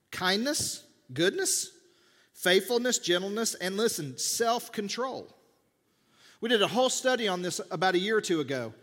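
A middle-aged man preaching a sermon as a pastor, animated and jokey, pushing his voice up for emphasis. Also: sits high, moderate pace. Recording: long hall reverb.

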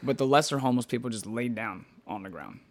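A young man in casual chat, telling stories in an animated way, full of swearing and filler words. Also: medium pitch, fast talker. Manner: animated storytelling, lots of swearing and "like".

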